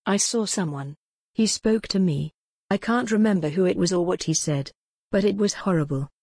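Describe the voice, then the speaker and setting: A woman's voice: lowish voice, normal speed, darkish tone, husky, dry recording, clean studio sound. A woman voicing a confused, frightened young woman in her twenties who pleads anxiously to go home. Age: 20s.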